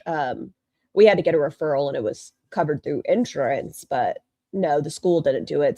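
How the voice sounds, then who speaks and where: A woman's voice: lowish voice, a little mellow, no echo, clean studio sound. A woman hosting a casual livestream, chatting bluntly and reading viewer comments aloud. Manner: blunt and gossipy. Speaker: livestream host.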